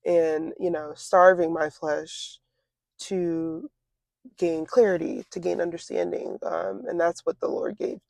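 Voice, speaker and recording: A young woman in her twenties, an interview guest speaking casually and reflectively, pausing often with fillers and restarts. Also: fairly low pitch, fairly even intonation, vocal fry, darkish tone, dry recording. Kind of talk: casual conversation.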